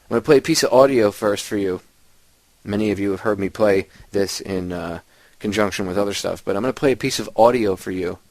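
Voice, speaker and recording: A man's voice: fairly low pitch, brisk, a little mellow, dry recording, rough recording. A man hosting a radio show, delivering an emphatic, ranting monologue straight to his listeners. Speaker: host.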